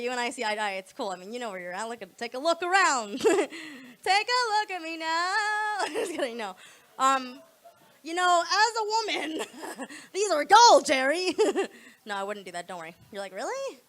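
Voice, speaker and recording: A young woman doing stand-up into a stage mic, her voice high and bright. She talks loudly, laughs between lines and slips into quick voices for the people in her stories. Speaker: stand-up comedian. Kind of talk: stand-up comedy set. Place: comedy club stage.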